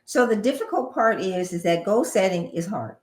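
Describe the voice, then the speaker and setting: A middle-aged woman co-hosting a marriage talk show, giving advice in a lively, teasing way. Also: medium pitch, normal speed, reverberant. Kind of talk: casual advice chat.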